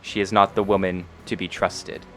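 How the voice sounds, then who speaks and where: A man voicing a humble, motherly spirit that speaks gently inside a character's mind. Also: low-pitched, flat delivery, moderate pace, a little hiss or hum. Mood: gentle. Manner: soft, hushed.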